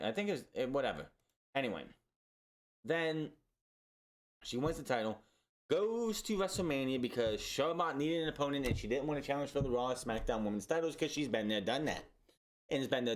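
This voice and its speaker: A man reviewing a wrestling show in a casual, exasperated, sarcastic rant full of restarts. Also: mid-range voice.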